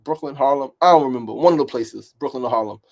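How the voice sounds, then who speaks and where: A man's voice: mid-range voice, fast, gravelly, a little mellow. Emphatic middle-aged New man, motivational talk. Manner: emphatic and repetitive, with frequent "right?" and mild swearing. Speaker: podcast host.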